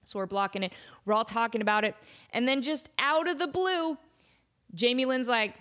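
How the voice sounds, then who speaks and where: Animated woman host in her thirties, casual storytelling, giggly and upbeat. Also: on the high side, normal speed. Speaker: podcast host.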